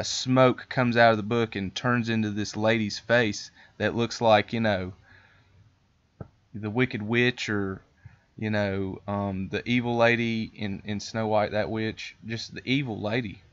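A man hosting a podcast, telling a story in a rambling, profane, animated way. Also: on the low side, lo-fi sound. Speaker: podcast host. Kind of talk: casual storytelling chat.

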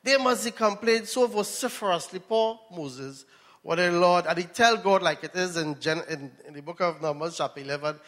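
A Trinidadian preacher delivering a sermon in a fairly high voice, telling a story and putting questions to his listeners. A long hall reverb trails his words. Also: normal speed, a bit bright. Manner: storytelling, asks the audience questions.

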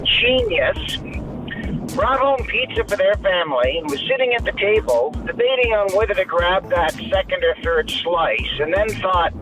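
Male comic voice, high, set back from the mic, music playing loud. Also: expressive, normal speed, recorded from a distance, low-quality recording.

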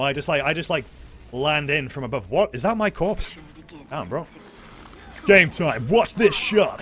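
A young man giving live, excitable commentary on his own gameplay as a streamer, swearing and yelling at the screen. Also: fairly high pitch. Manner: excitable, swears a lot, yells at the game.

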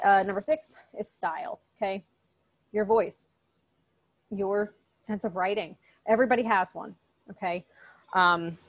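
A woman's voice: medium pitch, a little mellow. A woman, a college English instructor, giving a recorded online lecture in a casual, chatty way, often checking in with "okay?" and speaking directly and encouragingly to her students.

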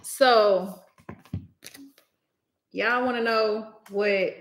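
A woman's voice: mid-range voice, fairly even intonation, extremely slow. A young woman hosting a casual livestream, chatty and exclaiming, often laughing, talking into a laptop microphone. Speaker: livestream host.

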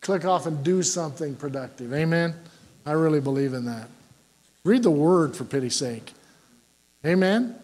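An older male pastor preaches in a folksy, joking way, tossing questions out to his congregation. His voice sits fairly high for a man. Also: expressive, moderate pace, long pauses, darkish tone. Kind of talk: sermon.

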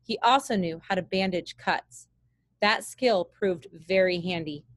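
A woman teacher reading a children's book aloud in a steady, plain way with small slips. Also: on the low side, measured pace, dry recording.

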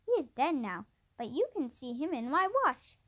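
A woman reading the lines of a rich, gruff old grandfather in a storybook, asking blunt, eager questions. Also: high voice, animated, moderate pace, fairly bright tone. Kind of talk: storybook character voice.

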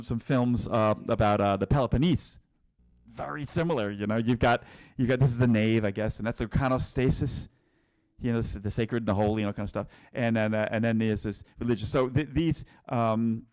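A man's voice: lowish voice, darkish tone. A middle-aged man from New England giving a casual virtual tour, rambling with many restarts and chuckles. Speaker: tour guide and teacher.

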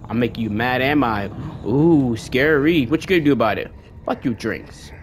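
A gaming streamer doing let's play commentary, cursing and mocking the game's enemies in a taunting sing-song, with excitable outbursts. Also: mid-range voice, fairly quick, a little hiss or hum. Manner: profane trash-talking of game enemies.

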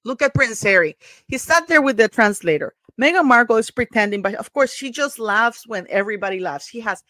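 Bright-toned gossipy woman commentator. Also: fairly high pitch, lively intonation, fairly quick, no room sound. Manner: gossipy, emphatic, repeats words. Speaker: commentary channel host. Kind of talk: casual commentary over footage.

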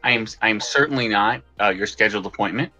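Hesitant man with a low, bright voice. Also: fast, faint music behind. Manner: hesitant, stammering. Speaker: player. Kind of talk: playing a tabletop game.

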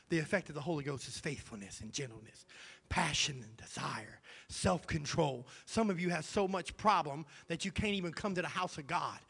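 High, bright-voiced preaching pastor. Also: male voice. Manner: emphatic, repeats key phrases. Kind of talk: sermon. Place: church sanctuary. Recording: long church hall reverb.

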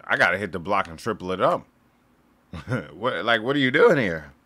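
A young man giving sarcastic, jokey commentary while playing a game, often yelling at it. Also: fairly low pitch, animated, normal speed. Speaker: gaming YouTuber. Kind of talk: casual gameplay commentary.

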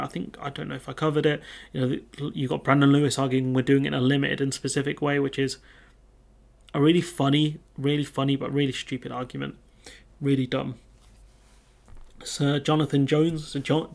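Young man, gravelly voice, flat delivery, casual political commentary, frequent ums and restarts, blunt mocking asides. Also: mid-range voice. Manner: reads articles aloud and adds blunt mocking asides, many fillers.

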